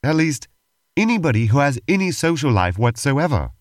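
A man's voice: a little high, big pitch swings, moderate pace, no echo. A man co-hosting a podcast, dry and exasperated in playful banter. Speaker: podcast co-host. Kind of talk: playful role-play banter.

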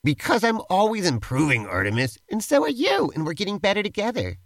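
A man's voice: high voice, very animated, fairly quick, a bit bright, no room sound. A man co-hosting a comedy show, teasing his partner in playful, improvised role-play banter. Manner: upbeat, teasing, playfully pushy. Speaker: co-host.

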